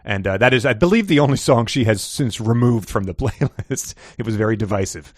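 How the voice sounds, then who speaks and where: A podcast co-host who rambles through his points, restarting and breaking into laughs. His voice is a middling male pitch, recorded dry and close. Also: lively intonation, a little fast, no echo. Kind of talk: casual book-club chat.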